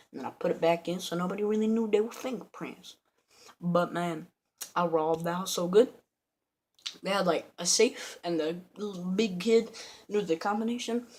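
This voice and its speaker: A woman's voice: fairly low pitch, slightly rough. A woman vlogger telling a rambling, joking made-up story with lots of slang, giggling and mumbled asides.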